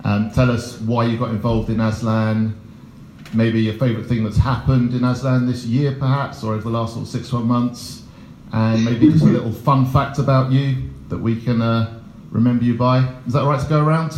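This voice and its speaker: A man's voice: mid-range voice, little pitch movement, moderate pace, a little mellow, a little hiss or hum. A man hosting a church evening, joking and upbeat as he talks to a crowd and to people on a video call. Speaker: event host. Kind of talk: lively casual hosting. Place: large church hall with audience. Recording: echoey hall with crowd.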